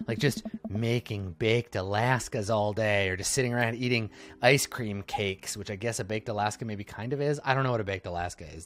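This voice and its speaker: A man reading a dating-sim game aloud for laughs, animated and jokey, swinging between loud outbursts and mumbled asides. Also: mid-range voice, a little hiss or hum. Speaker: let's-play gamer. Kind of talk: comedic game read-through.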